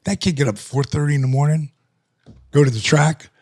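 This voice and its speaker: An older man as a podcast guest, telling stories in a casual, animated way and acting out the conversations. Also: on the high side, a little fast. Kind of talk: casual storytelling. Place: lives in the US.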